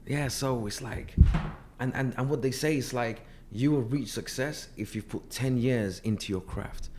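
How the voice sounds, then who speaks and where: A man who has lost his voice speaks hoarsely as an interview guest, earnest and often repeating words as he starts a sentence. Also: mid-range voice, normal speed, a little mellow, slight background noise. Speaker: artist manager, guest. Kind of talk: casual interview talk.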